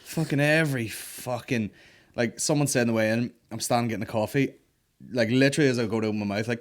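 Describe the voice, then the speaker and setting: A young man, hosting a comedy podcast and telling animated stories full of acted-out voices. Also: mid-range voice, fast talker. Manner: animated storytelling, acts out voices of people he met. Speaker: podcast host. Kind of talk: casual comedy banter.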